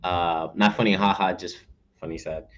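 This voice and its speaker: A man's voice: sits low, steady tone, moderate pace, muffled recording. A man co-hosting a podcast, rambling in casual chat with lots of restarts and acted-out asides. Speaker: podcast co-host.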